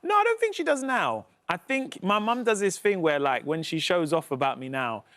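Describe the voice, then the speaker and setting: A man's voice: high voice, very animated, normal speed, a bit bright, no room sound. A man with a London accent, a comedian chatting casually as a guest, laid-back and laughing often. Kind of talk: casual interview chat. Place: TV studio.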